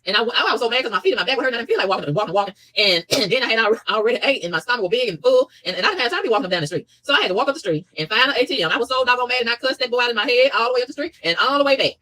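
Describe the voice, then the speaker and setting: A woman rattles off a rapid, exasperated rant. Her pitch leaps and dips with lively swings, and she barely pauses between complaints. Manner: fast, exasperated ranting with animated pitch swings. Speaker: vlogger. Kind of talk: ranting monologue.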